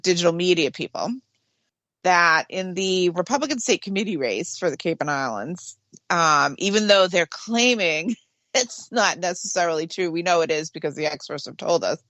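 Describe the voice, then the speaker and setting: A woman's voice: lowish voice, expressive, normal speed, a bit bright, no room sound. New woman, dry close sound. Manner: explains at length, laughs easily. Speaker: radio show co-host. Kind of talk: casual talk radio chat.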